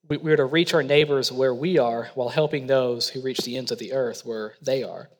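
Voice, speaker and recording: A man preaches a sermon with earnest emphasis, slowing down to lean on key words. His voice sits at an ordinary middle pitch. A long hall reverb trails after each phrase, as if he is standing in a church sanctuary. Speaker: missionary preacher.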